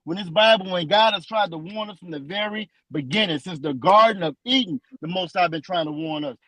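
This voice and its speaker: Emphatic high-voiced man preaching. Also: fairly bright tone, no room sound, rough recording. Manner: emphatic and repetitive, restates lines for stress; slows down when reading verses aloud. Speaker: scripture teacher. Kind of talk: preaching-style scripture discussion.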